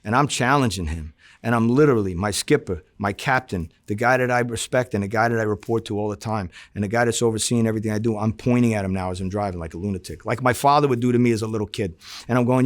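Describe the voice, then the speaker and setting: A man's voice: fairly low pitch, quick pace. A middle-aged man, a former undercover agent, telling his story in an interview, acting out quoted dialogue and swearing freely.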